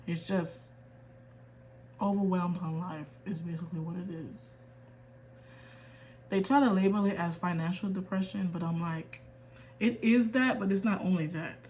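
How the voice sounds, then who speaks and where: A young woman from the US in her twenties talks candidly to camera in a personal rant. She speaks quietly and holds back emotion, then turns firm and emphatic. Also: lowish voice, steady tone, normal speed, long pauses, slight background noise. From United States. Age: 20s. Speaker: vlogger.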